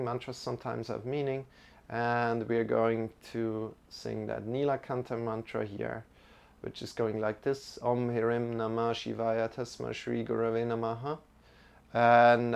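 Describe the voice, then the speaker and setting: Slow, gravelly-voiced male yoga teacher. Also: medium pitch, darkish tone. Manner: unhurried, reflective, greets viewers by name. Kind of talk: live-streamed yoga class talk.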